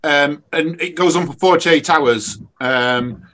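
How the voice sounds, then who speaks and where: A man from the UK, a race director guest on a podcast, chatting casually and telling lively stories with plenty of ums. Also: on the high side, takes it slowly. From United Kingdom. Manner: chatty storyteller, animated when excited, many fillers.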